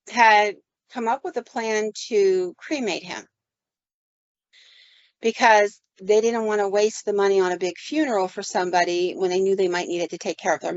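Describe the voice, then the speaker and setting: A woman's voice: mid-range voice, no echo, dull audio. A woman hosting a podcast, telling a paranormal story from her own work in a chatty manner and acting out the voices of the people in it. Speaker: podcast host. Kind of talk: casual storytelling.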